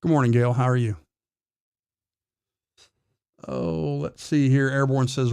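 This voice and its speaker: Gravelly, blunt sounding man. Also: mid-range voice, lively intonation, normal speed, darkish tone, no echo, studio quality. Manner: blunt, profane, defiant; drawling, with restarts. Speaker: livestream host. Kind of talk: casual livestream chat reading comments.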